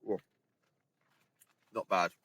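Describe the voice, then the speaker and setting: A man vlogging outdoors on windy hills, chatting casually to the camera and speaking directly to his viewers. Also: drawn-out words. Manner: chatty, addresses viewers directly, relaxed asides. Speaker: hiking vlogger. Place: outdoors on windy fells at a campsite.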